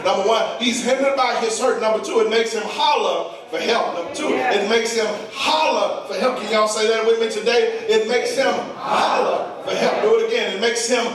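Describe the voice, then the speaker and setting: A man preaching a sermon, calling out to his congregation and building to shouts. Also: very high-pitched, normal speed, hardly any pauses, a crowd in the background. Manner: preaches with rising shouts and call-outs to the congregation. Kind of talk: call-and-response sermon. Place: church sanctuary. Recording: echoey church, distant mic, congregation responding.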